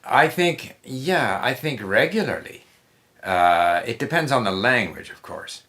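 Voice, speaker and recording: A man's voice: mid-range voice, expressive, measured pace, sharp tone. A man speaking as the guest on a language-learning interview, giving conversational advice in an emphatic way, often repeating himself and restarting his sentences.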